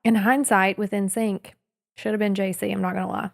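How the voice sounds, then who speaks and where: A woman in her thirties co-hosting a casual podcast, lively and teasing, laughing often. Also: medium pitch, brisk, vocal fry. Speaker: podcast co-host. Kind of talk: casual chat.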